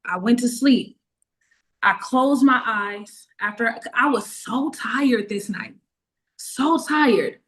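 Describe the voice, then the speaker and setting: A woman in her thirties giving an emotional personal testimony on a group call, animated and repeating herself as she acts out her own past words. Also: fairly high pitch, slow pace. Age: 30s. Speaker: network marketing team member giving a testimonial.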